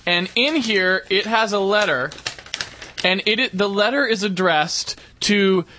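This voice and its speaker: A man's voice: sits high, a little slow, sharp tone, a little hiss or hum. A young man co-hosting a podcast in casual chat, teasing and insistent, with some swearing. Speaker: podcast co-host.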